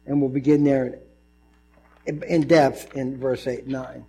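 A male pastor giving a conversational, animated sermon, often acting out voices in his stories. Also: mid-range voice, measured pace, creaky, slightly rough.

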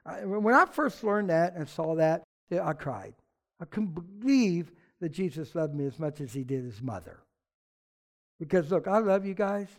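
A preacher from the United States giving a sermon, conversational and animated, with jokes and asides. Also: mid-range voice, normal speed. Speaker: pastor.

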